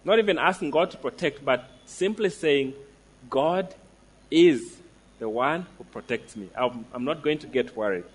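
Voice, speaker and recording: A man preaching a sermon, emphatic, slowing down to stress declarations and asking the listeners direct questions. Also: medium pitch, expressive, slightly rough.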